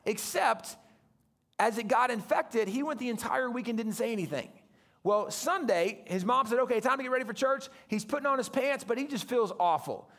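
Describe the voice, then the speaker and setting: Male guest pastor, animated storyteller, very high voice with a gravelly edge. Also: normal speed. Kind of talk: storytelling sermon.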